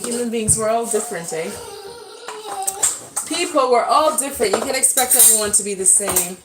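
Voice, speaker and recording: Young mother vlogger, high and bouncy voice, animated family chat, loud noise behind. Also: normal speed. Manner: chatty, animated, talks to kids and viewers. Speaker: parent vlogger. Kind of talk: casual family vlog chat. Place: family home.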